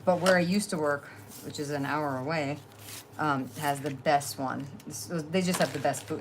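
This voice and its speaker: Speaking at a normal speed in a low voice, a middle-aged New Jersey woman chats her way through a casual crafting livestream, often laughing as she rambles. The background is noisy.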